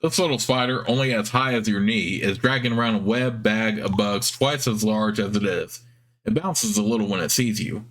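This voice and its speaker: A man hosting a let's play, reading game text aloud in a steady narration with casual asides. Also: lowish voice, moderate pace.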